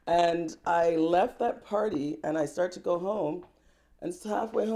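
An animated woman recounts her path as a singer, her voice jumping with laughter and playful acted-out quotes. She talks in a casual, unscripted interview manner. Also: medium pitch, moderate pace. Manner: lively, laughs often, acts out quotes. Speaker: singer-songwriter guest. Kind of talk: animated personal storytelling.

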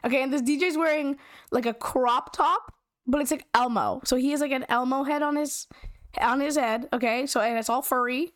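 A young woman with a fairly high voice tells a story in a casual, animated way, slangy and full of "like". Her voice sits close and dry, with no room sound around it. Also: normal speed, dry recording. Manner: animated, giggly, slangy, lots of "like".

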